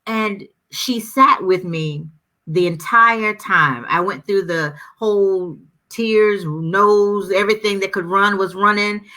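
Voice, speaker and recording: Bright-voiced fervent woman guest. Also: medium pitch, slow, rough recording. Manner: fervent, preacher-like repetition. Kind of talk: conversational discussion.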